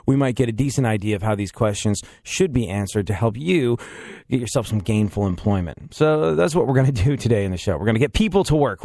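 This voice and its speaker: A man hosting a casual podcast with a slightly low voice, wry and self-deprecating as he rambles through his stories. Faint music plays underneath. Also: animated, fast talker, a little mellow. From England. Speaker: podcast host. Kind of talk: casual chat.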